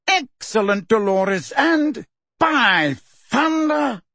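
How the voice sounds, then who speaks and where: A man's voice: extremely high pitch, animated, extremely slow, pushed and bright, no room sound, voice pushed up, exaggerated voice. A man reading an audiobook, voicing a pompous middle-aged male minister who blusters and quivers with delight. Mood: gleeful.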